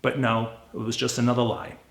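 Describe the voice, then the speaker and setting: A man with a gravelly, rough-edged voice tells a story casually and bluntly, acting out conversations as he goes. The sound is roomy, with a clear echo around him. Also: medium pitch, a little fast. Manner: blunt, animated retelling with quoted dialogue. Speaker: car flipper vlogger.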